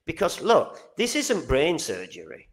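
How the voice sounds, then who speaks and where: An earnest man from England with a Northern English accent, chatting as a podcast guest. His voice sits a touch high, and he grows animated and restarts his sentences when he tells a story. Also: measured pace. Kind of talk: casual interview chat.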